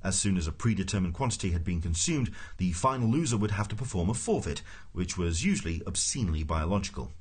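A man's voice: low voice, expressive, fast, hardly any pauses, breathy edge. A man reading a comic novel aloud in scripted narration, with a dry, wry storytelling manner. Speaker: audiobook narrator.

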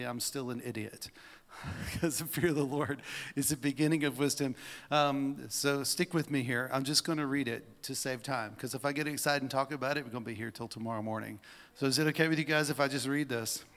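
A man preaching a sermon in a church, moving between soft asides and loud emphasis. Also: medium pitch, normal speed, creaky, in a large hall.

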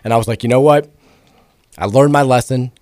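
Male sports radio host, hoarse and raspy with a cracking voice, rambling and self-deprecating, dry close studio mic. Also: mid-range voice, a little fast, darkish tone, no room sound. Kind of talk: casual sports radio chat.

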